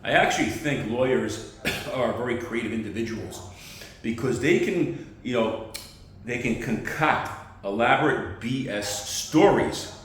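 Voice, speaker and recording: A man's voice: mid-range voice, measured pace, slight background noise. A man doing a rambling, self-deprecating stand-up monologue as an amateur comedian. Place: outdoors on a pile of dirt. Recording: very echoey spot.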